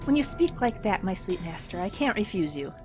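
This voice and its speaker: A woman's voice: mid-range voice, very animated, fairly quick, music in the background, close to an everyday voice. A woman voicing a sweet-talking female demon servant who coos pet names at her master, in a game read aloud. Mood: coaxing.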